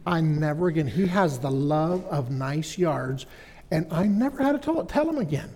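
A man's voice: fairly high pitch, expressive, moderate pace, mellow, big-room sound. A middle-aged man preaching a sermon, telling a personal story in an earnest way, often restarting his sentences.

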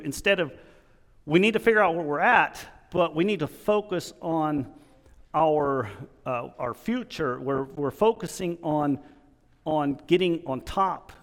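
A man preaching a sermon in an earnest, halting way, restarting his sentences often. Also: on the high side, a bit bright, big-room sound.

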